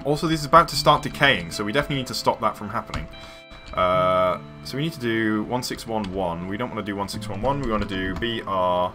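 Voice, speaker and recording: A man's voice: on the low side, bright, forceful tone. A man streaming a building game, chatting casually with viewers in a rambling way full of fillers. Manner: rambling, many fillers, chuckling to chat. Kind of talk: casual live-stream chat while playing.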